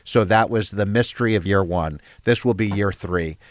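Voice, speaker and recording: Older man, deep voice, interview guest, earnest, conversational, dry close sound. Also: moderate pace, no echo. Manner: earnest storyteller with fillers and restarts. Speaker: guest, head of a storytelling nonprofit.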